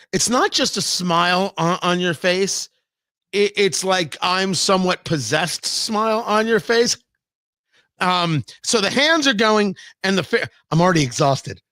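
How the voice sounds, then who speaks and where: A man with a high, sharp, forceful voice delivers a sarcastic opinion monologue as a radio talk host. He sounds mocking and emphatic, and the studio sound is dry and close with no room echo. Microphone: studio microphone, live-streamed show.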